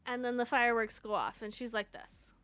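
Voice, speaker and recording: A woman in her thirties hosting a live coding stream, chatting casually and telling family stories in an animated way between bits of work. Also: on the high side, fairly quick, clean tone. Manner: animated storyteller, chatty, lively asides. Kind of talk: casual chat while coding.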